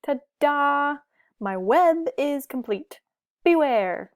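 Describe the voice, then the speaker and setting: A woman's voice: fairly high pitch, lively intonation, slow. A woman voicing a playful, boastful young male fox in a picture-book read-aloud, with dramatic exclamations.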